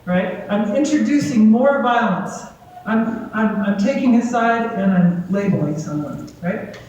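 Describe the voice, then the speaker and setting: A woman's voice: fairly high pitch, a little slow, a little mellow, a little hiss or hum. Woman presenter, casual talk to a crowd, heard from far off in a big echoing room. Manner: conversational, checks in with "right?". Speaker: guest speaker. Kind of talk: live talk to a gathering. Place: community gathering hall. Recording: echoey hall, distant and dull.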